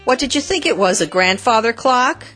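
Woman playing an indignant, animated storybook vendor, high and loud, faint music behind. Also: moderate pace.

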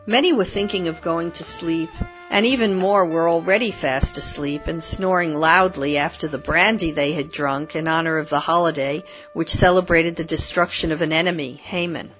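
A woman reading a story aloud in a calm, measured narration. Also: low voice, faint music behind.

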